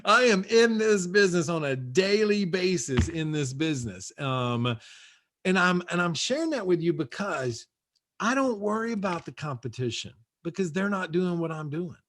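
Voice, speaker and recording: A man's voice: sits high, expressive, moderate pace, fairly bright tone, slight background noise. A man speaking from his home over a video call, giving a punchy, repetitive motivational talk as a guest real estate coach. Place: his own house.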